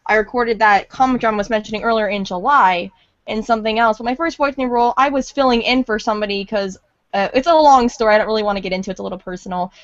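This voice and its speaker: High-voiced chatty woman. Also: very fast, dry recording. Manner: chatty, rambling, self-deprecating. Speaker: fan voice actor. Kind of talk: casual podcast chat. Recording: dull lo-fi audio.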